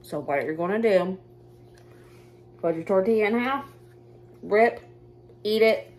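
A Southern American woman talks her viewers through a recipe in her home kitchen, loose and conversational. She pokes fun at herself and laughs easily, her voice sitting at an ordinary middle pitch. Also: animated, darkish tone. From Southern United States. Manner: chatty, self-deprecating, quick to laugh. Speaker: cooking vlogger. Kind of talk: casual cooking demonstration.

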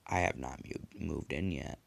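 Man doing a broken old blind killer, very low and gravelly, stammering pleas. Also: measured pace, exaggerated voice. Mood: pleading. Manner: pleading, stammering. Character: frail, blind old male killer, guilt-stricken.

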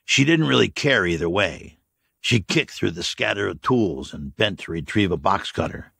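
Deep, gravelly male audiobook narrator. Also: animated, moderate pace, fairly bright tone, dry recording, clean studio sound.

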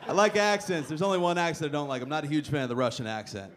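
A man's voice: fairly high pitch, racing. A young man doing a brash stand-up set in a comedy club, teasing the crowd with punchy timing. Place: comedy club stage before a live crowd. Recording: live club recording with audience noise.

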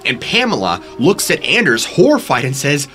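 A man's voice: a little high, wildly swooping pitch, moderate pace, pushed and bright, faint music behind. A man narrating scary true stories in a dramatic, suspenseful storytelling manner on a studio microphone.

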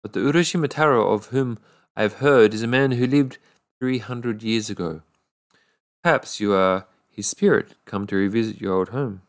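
A man's voice: fairly low pitch, normal speed, close to an everyday voice. A man reading the part of a grave village man who disbelieves what he is told.

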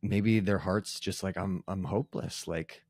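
A man hosting a podcast interview, speaking in an earnest, halting way. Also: low-pitched, steady tone, a little mellow, dry recording, studio quality. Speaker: podcast host. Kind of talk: casual interview chat.

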